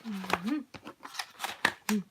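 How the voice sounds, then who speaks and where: A woman's voice: mid-range voice, extremely slow, breathy edge, poor audio. A woman casually reading her own horror story aloud, giggling and breaking off to comment on it.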